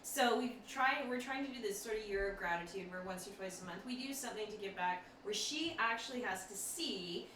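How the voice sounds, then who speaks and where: A woman's voice: medium pitch, a little fast, hardly any pauses, a bit bright. A woman co-hosting a casual chat about parenting, steering the talk back on track. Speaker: podcast co-host. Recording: roomy, distant mic, faint hum.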